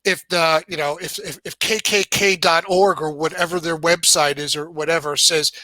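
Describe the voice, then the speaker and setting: A man's voice: fairly high pitch, moderate pace, pushed and bright, dry recording. A man with a New York accent, talking through his views in a casual discussion, often restarting and repeating words as he thinks. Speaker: game publisher guest.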